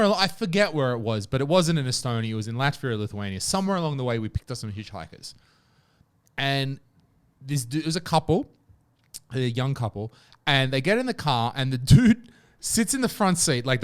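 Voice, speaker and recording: Aussie guy hosting a podcast, rambly travel stories, casual and animated. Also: medium pitch, clear, resonant tone. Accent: Australian. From Australia. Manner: animated anecdotal storytelling. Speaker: podcast host. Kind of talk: casual chat.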